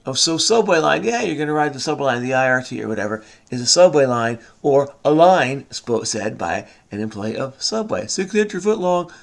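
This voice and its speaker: A man's voice: medium pitch, sing-song, fairly quick, vocal fry, hardly any pauses. A middle-aged man thinking aloud as he solves a crossword, muttering and hesitant, often trailing off. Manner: muttering, hesitant, many trailing "I don't know"s. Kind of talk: casual think-aloud puzzle solving.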